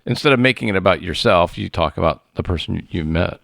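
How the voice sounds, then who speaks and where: An older man hosts a relaxed interview in a low, gravelly voice. He is agreeable and unhurried, stopping now and then to find his words. The sound is close and dry. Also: no room sound. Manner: easygoing and agreeable, halting as he searches for words. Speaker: podcast host. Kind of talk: casual conversational interview.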